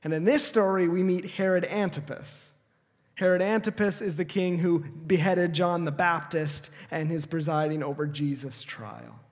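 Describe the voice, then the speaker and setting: A man preaching a sermon, explaining the story in a lively, animated way and correcting himself as he goes. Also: fairly high pitch, normal speed. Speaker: pastor. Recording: long reverb of a hall.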